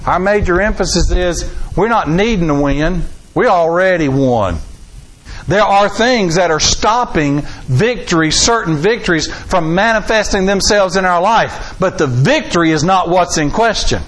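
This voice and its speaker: A middle-aged man, preaching a sermon in a folksy, animated way with rising emphasis. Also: high voice, moderate pace, low-quality recording. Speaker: pastor.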